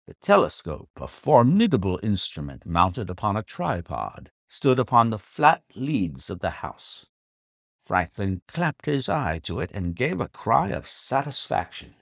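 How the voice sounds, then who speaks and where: A man narrating a classic novel as an audiobook, telling the story in a measured, expressive way. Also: low voice, dry recording, studio quality.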